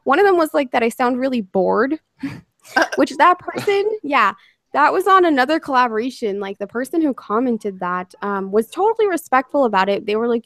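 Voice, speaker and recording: Woman, casual chat, storytelling, laughs a lot, gravelly, dry close mic. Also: high voice, very animated, moderate pace, a bit bright, dry recording. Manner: chatty storyteller, laughs often. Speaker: narrator and podcast guest.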